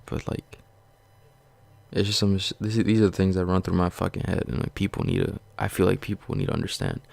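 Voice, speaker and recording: A man's voice: sits low, gravelly, dry recording. A man vlogging a casual, earnest pep talk, blunt and profane, circling back over the same points again and again. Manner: blunt, profane, rambling and repetitive; earnest, reassuring. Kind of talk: casual motivational rant to camera.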